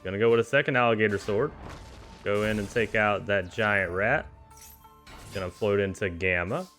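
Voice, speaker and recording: A man giving casual, excitable play-by-play commentary on a card game tournament, chuckling often and cheering the players on. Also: on the low side, moderate pace, soft background music.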